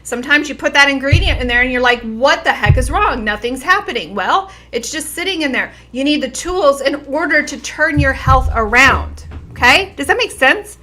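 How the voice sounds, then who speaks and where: A woman's voice: high voice, normal speed, few pauses, bright, forceful tone. A middle-aged woman health coach giving an earnest, emphatic motivational talk to her viewers. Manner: earnest and emphatic, with repeated phrases.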